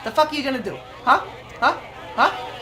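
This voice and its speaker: A woman's voice: high-pitched, expressive, brisk, over music, crowd noise. A woman streamer giving brash, profane commentary while she plays a game. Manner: brash, profane trash talk. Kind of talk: gameplay commentary.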